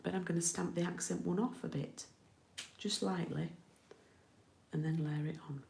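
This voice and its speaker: A woman's voice: lowish voice, steady tone, moderate pace, vocal fry, mellow, reverberant, a little hiss or hum. A middle-aged woman from the UK giving a casual card-making tutorial, chatty and often checking in with her viewers.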